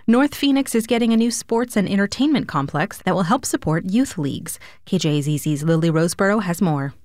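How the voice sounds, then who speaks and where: A woman news anchor with a low voice reads bulletins clearly and steadily. The studio sound is dry. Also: animated, brisk, a little mellow, no echo. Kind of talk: scripted news report.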